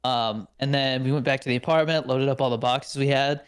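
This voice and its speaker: A man's voice: mid-range voice, brisk, smooth. A young man co-hosting a podcast, telling stories in a casual chat, laughing often, swearing and acting out quotes. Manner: animated storyteller, laughs a lot, swears, acts out quotes. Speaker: podcast co-host.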